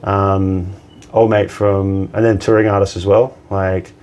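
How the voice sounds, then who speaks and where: Over background noise, a man with a low-pitched, unhurried voice chats on a podcast as a bartender guest. He spins lively anecdotes, swearing freely and performing the voices of the people he quotes.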